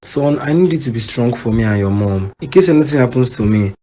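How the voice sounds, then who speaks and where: A man's voice: medium pitch, lively intonation, quick pace, dark tone, close to an everyday voice. A man voicing an injured, regretful middle-aged father in a cartoon drama, speaking with a Nigerian accent in a weak, pleading way. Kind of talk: cartoon voice acting.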